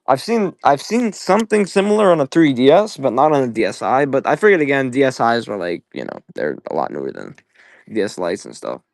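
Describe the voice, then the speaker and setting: Profane, excitable young man selling live. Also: mid-range voice, a little fast, gravelly, no room sound, studio quality. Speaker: livestream seller. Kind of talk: casual live-selling stream.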